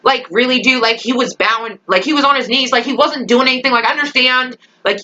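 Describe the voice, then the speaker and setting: A woman's voice: high voice, fast talker, bright, forceful tone, highs cut off, slight background noise. A young woman ranting in a casual vlog, exasperated and rambling, full of fillers and swearing. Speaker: vlogger reacting to a TV episode.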